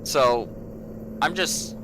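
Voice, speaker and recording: A man's voice: on the high side, extremely slow, noisy background. A man hosting a gaming channel, telling a long everyday story in a rambling way, repeating himself and filling gaps with "you know.". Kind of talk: casual storytelling vlog.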